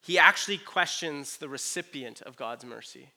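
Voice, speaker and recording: A man preaching a conversational sermon. He retells a Bible story and acts out the characters' lines in quick asides. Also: mid-range voice, expressive, creaky, pushed and bright. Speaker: pastor.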